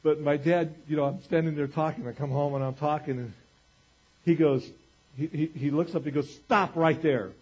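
A male pastor preaching with a husky, fairly high voice. He talks to the congregation in a lively, conversational way and slips into acted-out quotes. The recording sounds dull and lo-fi. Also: brisk. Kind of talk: sermon.

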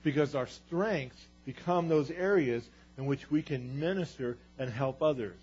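A man's voice: mid-range voice, a little slow, darkish tone, breathy edge, faint music behind. A man preaching a sermon as pastor, earnest and building to emphatic repeated declarations. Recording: dull, lo-fi sermon recording.

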